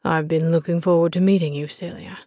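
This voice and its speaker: A woman voicing an arrogant British businessman in an audiobook, speaking low, quiet and pompous, with a stern edge. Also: fairly even intonation, fairly quick, no room sound, clean studio sound, natural voice. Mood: smug. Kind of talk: audiobook character voice.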